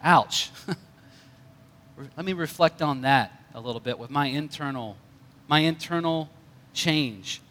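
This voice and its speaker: A man's voice: on the high side, slow pace, pauses often, a bit bright, big-room sound. A male pastor preaching a conversational sermon with light jokes.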